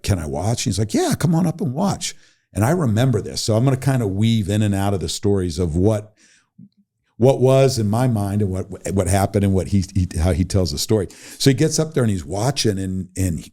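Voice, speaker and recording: A middle-aged man telling a story as a podcast guest, animated and laughing, acting out the people he quotes. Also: sits low. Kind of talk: casual storytelling.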